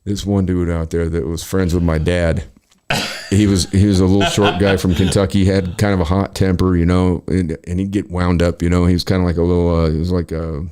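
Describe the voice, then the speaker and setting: A man's voice: deep voice, flat delivery, fairly quick, dark tone, smooth. A middle-aged man telling rambling, profane stories about old work pranks in a casual chat. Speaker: podcast host. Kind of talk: casual storytelling.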